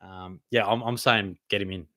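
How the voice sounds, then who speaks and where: A laid-back young Australian man runs a live Q&A stream and answers chat questions in a casual, matey way. His voice sits low but has a bright, forward edge. He is recorded close on a dry mic with no room around him. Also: steady tone, normal speed, no room sound. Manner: laid-back, blokey, calls viewers mate. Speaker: fantasy football live stream host.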